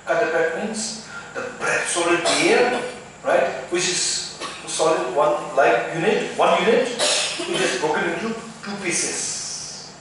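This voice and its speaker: A man's voice: a little high, animated, slow pace, a bit bright, distant mic. A male Buddhist teacher explaining philosophy at a retreat, checking in often with "right?" and restarting his phrases. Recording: echoey hall recording from afar, some hiss.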